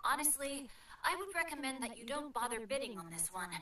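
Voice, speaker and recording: A woman's voice: sits high, very animated, a little fast, sharp tone, recorded from a distance, heavily acted. Brief: a refined young male heir, formal and polite, in a game; roomy, faraway sound. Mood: courteous. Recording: echoey game audio under streamer mic.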